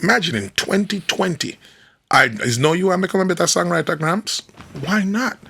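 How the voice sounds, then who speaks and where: A man with a Jamaican accent, a musician guest telling stories in a casual interview chat, animated and raspy. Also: sits high, brisk. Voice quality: raspy, gravelly. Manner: animated storyteller, mimics people he quotes.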